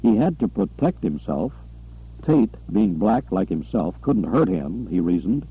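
A man narrating an audiobook in a steady, even storytelling manner. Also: deep voice, a little slow, slightly rough. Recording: lo-fi tinny recording.

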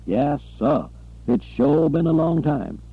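A man voicing a nervous, pleading male chauffeur who rushes to please, in an audiobook. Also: big pitch swings, gravelly, slightly rough, no echo, phone-quality sound, heavily acted. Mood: anxious pleading. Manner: high, anxious, hurried pleading.

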